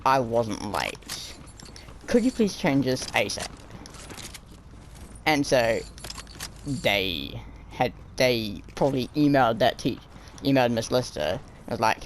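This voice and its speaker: A man's voice: takes it slowly, long pauses, a little hiss or hum, rough recording. A young man telling stories from his school days in a casual, rambling way, full of fillers, acting out the people he quotes. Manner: animated, jumps high and low for quoted people. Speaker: storyteller. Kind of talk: casual storytime narration.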